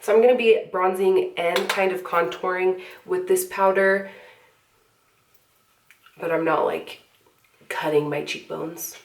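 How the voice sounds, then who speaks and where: Recorded from a distance and slightly off-mic in an echoey room, this young beauty vlogger speaks in a lowish, unhurried voice, pausing often. She sniffles from a cold while chatting casually and relaxedly through a makeup tutorial, full of fillers.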